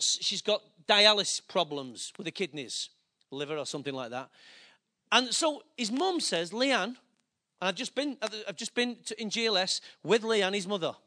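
Animated, high-voiced male preacher. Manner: animated, acts out dialogue, gets emotional. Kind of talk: sermon storytelling.

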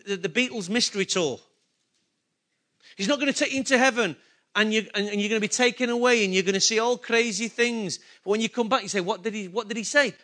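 A man's voice: high voice, bright, forceful tone. A male pastor preaching a sermon, emphatic and full of rhetorical questions to his congregation.

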